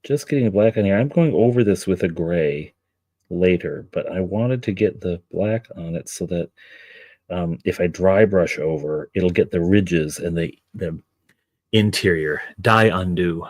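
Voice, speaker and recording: A man's voice: sits low, unhurried, darkish tone, dry recording. A middle-aged man streaming his miniature painting, chatting in a rambling way with his viewers and his dog. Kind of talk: casual live-stream chat.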